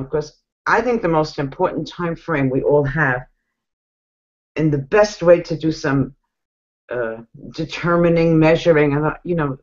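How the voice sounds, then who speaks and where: A woman with a New York accent giving casual coaching advice, chatty and animated, laughing often. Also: deep voice. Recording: dull lo-fi sound.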